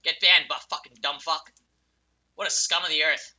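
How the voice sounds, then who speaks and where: A young man streaming a game, ranting furiously at other players with profanity and yelling insults, then drifting back into telling a personal story. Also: fairly high pitch, steady tone, normal speed.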